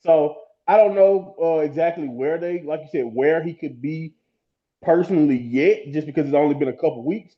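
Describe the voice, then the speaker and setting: A man's voice: fairly high pitch, moderate pace. A man co-hosting a podcast, chatting casually about wrestling in a rambling way with lots of fillers and restarts. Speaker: podcast co-host. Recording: dull lo-fi sound.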